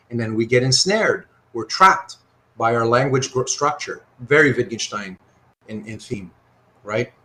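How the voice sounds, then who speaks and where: A man teaching a live online philosophy class, working through examples out loud and often checking that his students follow. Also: mid-range voice. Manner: animated, thinks aloud with frequent rhetorical checks. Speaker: philosophy lecturer.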